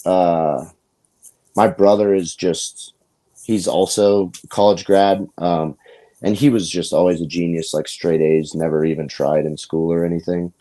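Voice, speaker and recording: A grappling coach from Colorado talks as a podcast guest in a laid-back, easygoing way. His voice is very low and mellow. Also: fairly even intonation, measured pace. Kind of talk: casual podcast chat.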